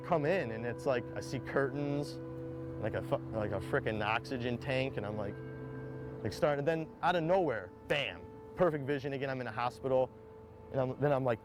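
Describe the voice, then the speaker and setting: In a played clip drowned in loud background music, a young man candidly tells his own story. He rambles with plenty of "like" and acts out quotes, his medium-pitched voice animated at a moderate pace.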